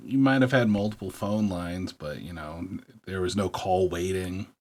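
A man's voice: low-pitched, normal speed, a little mellow. A man co-hosting a casual chat, joking around and swearing casually. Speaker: podcast co-host.

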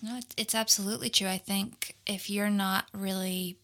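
A woman's voice: mid-range voice, steady tone, normal speed, fairly bright tone. A woman co-hosting a podcast, responding to the guest in a supportive, enthusiastic way. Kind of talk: casual interview chat.

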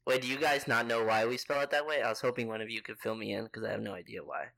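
A man's voice: lowish voice, quick pace, creaky, fairly bright tone, poor audio. A man co-hosting a podcast, chatting casually with wry, puzzled asides. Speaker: podcast co-host. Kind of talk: casual chat.

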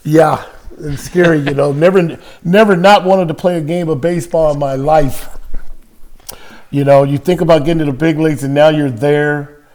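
An older man from California spins an old ballplayer's tale in a loose, chatty interview. His voice sits a touch high for a man, and he keeps it lively with fillers and quick laughs. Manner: animated anecdote telling with frequent laughs and fillers. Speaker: podcast guest, former baseball player. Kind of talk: casual storytelling interview.

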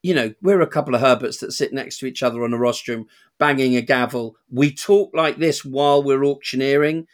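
A man's voice: mid-range voice, a little fast. Easygoing man, auctioneer host. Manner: easygoing, rambling, self-deprecating. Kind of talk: casual podcast chat.

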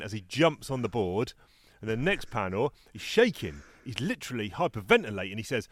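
A man co-hosting a casual comic-strip podcast, briskly recapping strips and jumping up in pitch to act out the quotes. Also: sing-song, dry recording. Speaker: podcast co-host.

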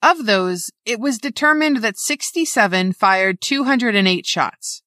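A woman narrating a scripted true-crime story, measured and precise with facts and figures. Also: on the high side, animated, pushed and bright, no room sound, studio quality.

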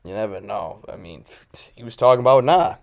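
A man's voice: fairly low pitch, expressive, a little fast, creaky. Male co-host, casual chat, cusses constantly, acts out voices in his stories, petty and combative. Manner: petty and confrontational. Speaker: podcast co-host.

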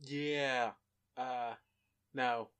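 Young guy on a podcast, talks slow, lots of ums and uhs, laid back. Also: mid-range voice, smooth. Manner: relaxed and hesitant, full of fillers. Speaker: podcast co-host. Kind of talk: casual chat.

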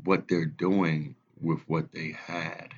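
A man in his twenties telling a family story in casual podcast chat, animated and laughing often. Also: extremely low pitch, slow pace, breathy edge, lo-fi sound. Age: 20s.

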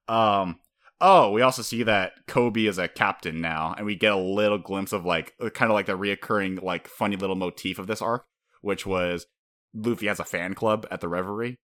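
A man co-hosting a casual chat, excitable and swearing freely, sometimes acting out characters. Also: lowish voice, normal speed. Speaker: podcast co-host.

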